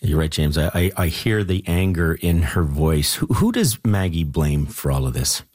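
A male news anchor questioning a reporter on air, brisk. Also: extremely low pitch, very animated, darkish tone. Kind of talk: radio news interview.

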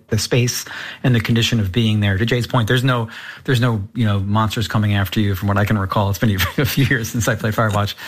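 A man appearing as a journalist guest on a radio talk show, answering thoughtfully and often restarting his sentences. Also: fairly low pitch.

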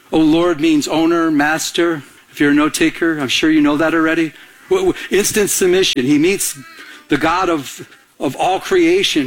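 A man preaching a sermon to a congregation, asking for amens and acting out the scripture he quotes. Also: on the high side. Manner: animated preaching with audience call-outs and acted-out quotes. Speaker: pastor.

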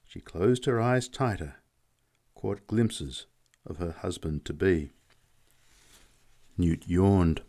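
A man narrating a story as an audiobook, in a measured, unhurried way. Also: sits low, lively intonation, warm tone. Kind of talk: audiobook reading.

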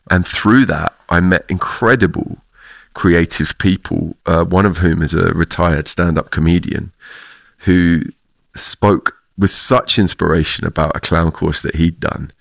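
Deep gravelly reflective man. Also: fairly even intonation, measured pace, dry recording. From United Kingdom. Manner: reflective, laughs often. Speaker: theater clown, interview guest. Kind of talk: interview answers.

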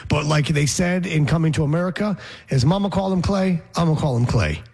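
A man's voice: a little high, fairly quick, darkish tone, a little hiss or hum. A man co-hosting a casual sports radio show, teasing his partner with wisecracks. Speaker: co-host.

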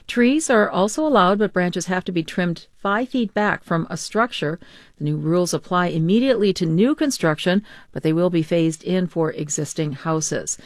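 A woman newscaster reading a scripted news bulletin in a crisp, formal way. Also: fairly low pitch, moderate pace, no echo, studio quality.

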